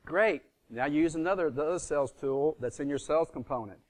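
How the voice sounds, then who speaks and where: A middle-aged man teaches a room of students, firing fill-in-the-blank questions at them and playing out sales calls. His voice sits a little high for a man. He keeps the pace of a lively live seminar. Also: brisk. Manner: asks the audience fill-in questions, acts out phone calls. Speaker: real estate seminar speaker.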